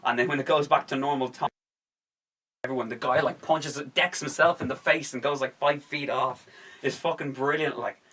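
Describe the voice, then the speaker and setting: A young man hosting a podcast in casual chat, excitable and sweary, acting out scenes as he talks. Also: medium pitch, normal speed, breathy edge. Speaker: podcast host.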